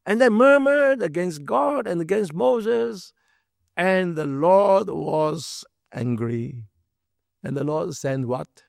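A man's voice: sits high, animated, slow pace, vocal fry, dry recording, studio quality. A man preaching a sermon through a Bible passage, emphatic and full of rhetorical questions.

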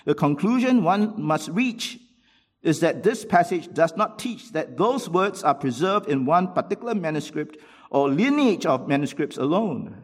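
Emphatic, husky-voiced male preacher. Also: lively intonation, moderate pace. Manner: emphatic, swings from loud rhetorical questions to low asides; reads quotations aloud from books. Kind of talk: sermon.

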